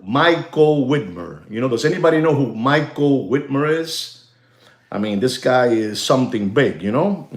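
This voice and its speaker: A man's voice: mid-range voice, reverberant. A man hosting a live watch market stream, in a hyped, repetitive salesman patter full of fillers. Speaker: watch channel host.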